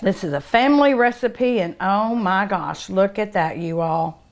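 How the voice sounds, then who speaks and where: A middle-aged woman with a drawl savors food on her cooking show, taking her time and lingering over every word. She gushes openly and hums with pleasure between bites. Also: medium pitch. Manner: savoring and gushing, with many drawn-out hums of delight.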